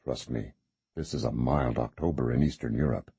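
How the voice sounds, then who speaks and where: A man voicing a weary male priest who speaks in a low, ragged whisper. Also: moderate pace, creaky, warm tone, slightly rough, no echo, exaggerated voice. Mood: hushed.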